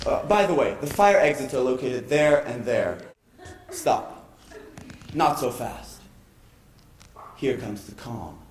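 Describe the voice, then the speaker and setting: A man's voice: mid-range voice, animated. A man playing a brooding actor alone on stage. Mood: musing. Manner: slow, musing, wistful delivery. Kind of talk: stage monologue. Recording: echoey stage recording.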